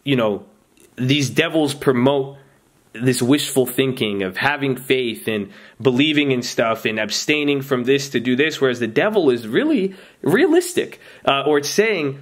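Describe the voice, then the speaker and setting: A man's voice: medium pitch, animated, moderate pace. Rambling man giving a motivational talk. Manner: rambling, restarts often, addresses viewers as you guys. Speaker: trading channel host. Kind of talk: casual motivational talk to viewers.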